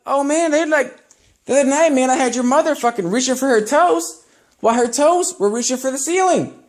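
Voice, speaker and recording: A man's voice: very high-pitched, brisk, pitched above the performer's own voice. A young man doing his crude stoner dad. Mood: crude casual. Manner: laid-back, crude, oversharing. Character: crude middle-aged stoner dad, oversharing.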